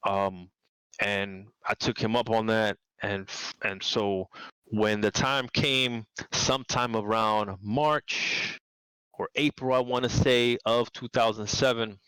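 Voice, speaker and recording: A man's voice: lowish voice, fairly even intonation, slow, fairly bright tone, clean tone, dry recording, low-quality recording. A man, a game designer as the guest in a casual interview, rambling, repeating words and laughing often. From New York City.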